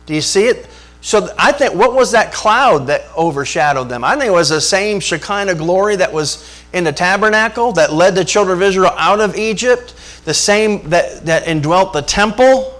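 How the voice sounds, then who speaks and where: Man, pastor, animated sermon delivery, fairly high voice, rhetorical. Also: moderate pace. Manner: animated, rhetorical questions to the congregation.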